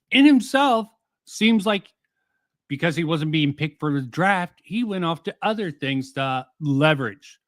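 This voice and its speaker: Man reacting casually, scoffing and swearing, slightly higher voice, dry sound. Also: bright, forceful tone, no room sound. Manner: profane, rambling, scoffing. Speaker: reaction commentator.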